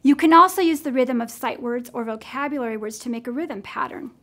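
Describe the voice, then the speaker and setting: A woman's voice: fairly high pitch, a little fast, a bit bright. A woman music teacher demonstrating simple rhythm lessons for classroom teachers, counting in and singing along patiently.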